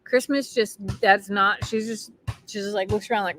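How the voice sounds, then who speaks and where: A woman's voice: mid-range voice, steady tone, moderate pace, a bit bright, faint music behind. A woman co-hosting a casual coffee chat, chatty, enthusiastic and rambling.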